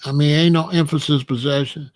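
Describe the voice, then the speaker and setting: Slightly fast, with a fairly high pitch and fairly even intonation, a livestream host lectures the people in chat. He's preachy and keeps repeating phrases.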